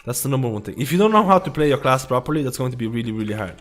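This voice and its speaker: This is casual gaming commentary from a man on a livestream whose speech races along, animated and at a medium pitch. He swears, leans on "dude" and "man" constantly, and keeps circling back with rambling, repetitive advice.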